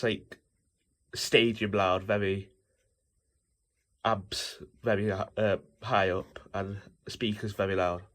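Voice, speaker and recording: A young man talking through music notation in a loose, rambling way, with many fillers and self-corrections. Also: medium pitch. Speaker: music theory teacher. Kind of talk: casual informal lesson explaining notation.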